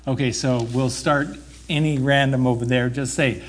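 A man preaching a sermon, talking to the congregation in an unhurried, conversational way and joking now and then. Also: medium pitch, fairly even intonation. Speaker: pastor. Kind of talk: sermon with a live demonstration.

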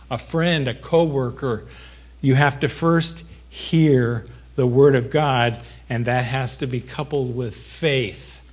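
A man preaching a sermon, talking to the congregation in an unhurried, conversational way and joking now and then. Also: medium pitch, slightly rough. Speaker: pastor. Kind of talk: sermon with a live demonstration.

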